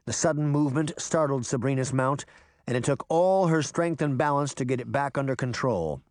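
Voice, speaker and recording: A man reading a children's adventure story aloud as an audiobook narrator, with expressive, animated storytelling. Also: mid-range voice, normal speed, dry recording, studio quality.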